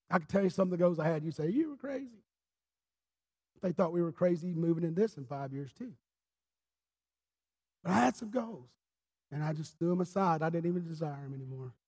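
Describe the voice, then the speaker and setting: A pastor preaching a sermon in church, telling his story with passion, dropping low and then rising to shouts. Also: husky. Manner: impassioned storyteller, swinging from quiet to shouting.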